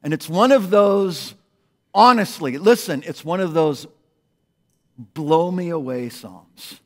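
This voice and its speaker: A man preaching a sermon as pastor, animated, jumping between loud exclamations and hushed asides. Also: a little high, slow pace. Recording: long hall reverb.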